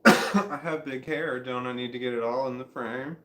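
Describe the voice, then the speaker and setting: A man's voice: mid-range voice, unhurried, echoey room, heavy background noise. A middle-aged man livestreaming from home, rambling and correcting himself while coughing often. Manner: meandering, self-correcting, chuckling to himself. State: coughing repeatedly. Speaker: vlogger livestreaming. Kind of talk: rambling casual self-talk. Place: home room with a fan running.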